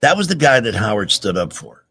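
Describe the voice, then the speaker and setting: A middle-aged man hosting a radio talk show, telling stories in an animated, emphatic way with restarts. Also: fairly low pitch, a little fast, vocal fry, husky. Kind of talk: casual talk radio chat.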